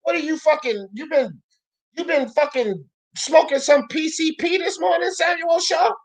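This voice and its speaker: A woman talk-show host tears into a boxing rant, swearing freely and raising her voice to a shout again and again. Her pitch sits a little high for a woman. She speaks with heated, relentless conviction. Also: moderate pace. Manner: loud, profane, ranting, often shouting.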